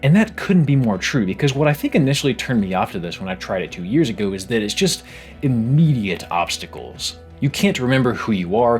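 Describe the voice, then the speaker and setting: A man with a fairly low voice narrates a scripted game review, his delivery swinging widely up and down in pitch. He talks in a wry, self-mocking way, with faint music playing underneath. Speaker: game video creator.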